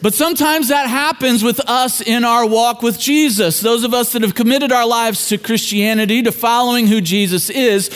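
Man, high voice, middle-aged pastor, conversational sermon, folksy storytelling. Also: moderate pace, few pauses, a bit bright, smooth.

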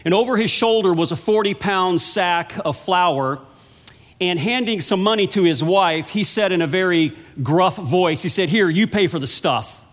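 High-pitched guy preaching in church, storytelling sermon, long echo. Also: normal speed. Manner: storytelling preacher, earnest and conversational. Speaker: minister of pastoral care.

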